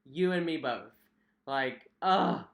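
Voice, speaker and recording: A young adult man with a fairly high, a bit bright voice speaks slowly but animatedly, with some creak. He's a cruise vlog host running a casual livestream from home, chatting warmly, reading viewer comments aloud, and repeating himself with lots of fillers.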